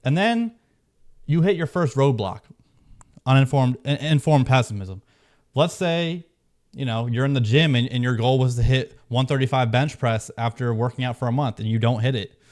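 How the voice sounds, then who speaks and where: A man's voice: medium pitch, normal speed, darkish tone. A man hosting his own video, talking casually and rambling with many restarts and fillers. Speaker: video host. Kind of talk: casual talk to camera.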